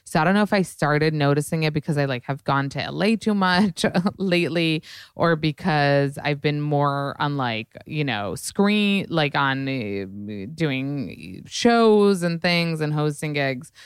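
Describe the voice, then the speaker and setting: A woman's voice: low-pitched, expressive, unhurried, clean tone, no echo. A woman hosting a solo podcast in casual chat, rambling with lots of "like" and "you know", on a close mic. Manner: chatty, rambling, many likes and you-knows. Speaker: podcast host.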